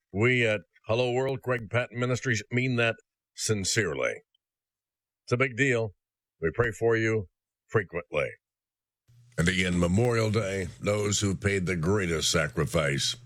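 A man with a somewhat low voice gives a devotional message as the host of a ministry show. He speaks earnestly and reads a personal story aloud. The sound is dry and close, with no room echo. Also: fairly bright tone. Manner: earnest, addresses listeners as brothers and sisters.

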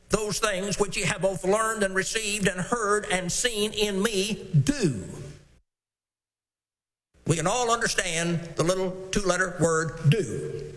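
A man preaching a sermon, reading scripture slowly and stressing single words. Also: high-pitched, fairly bright tone. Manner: measured, emphatic scripture reading. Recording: long hall reverb.

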